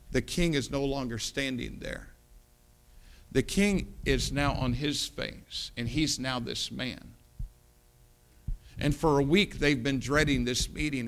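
A man preaching a sermon with impassioned delivery, dropping to a hush and then rising loud. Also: medium pitch. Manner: impassioned, swinging from hushed to loud.

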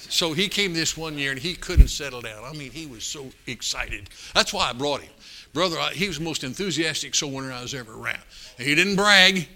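An older preacher tells stories from the pulpit in a folksy, animated way, now and then bursting out loud. His voice is gravelly with a bright, cutting edge. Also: medium pitch, a little hiss or hum. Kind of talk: storytelling sermon.

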